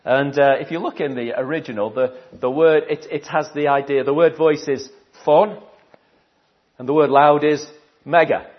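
A man's voice: a little high, fairly even intonation, normal speed. A man preaching a sermon, slightly muffled. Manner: conversational preaching with rhetorical questions, repeats phrases for emphasis.

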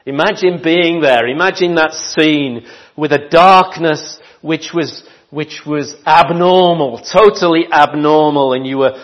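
Male preacher, sermon, slow deliberate delivery, loud declarations dropping to hushed near-whispers, dull lo-fi sound. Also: fairly high pitch.

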